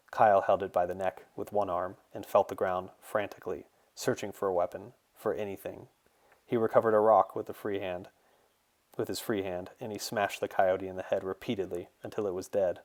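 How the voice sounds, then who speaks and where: A man, the author, reading his fantasy novel in a steady, measured storytelling voice. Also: low-pitched. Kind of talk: audiobook narration.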